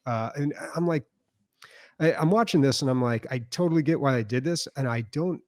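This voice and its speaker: Podcast guy rambling on with tons of ums and likes, mid pitch, dry close sound. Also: brisk, no room sound. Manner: rambling, filler-heavy storytelling. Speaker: podcast co-host. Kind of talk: casual chat.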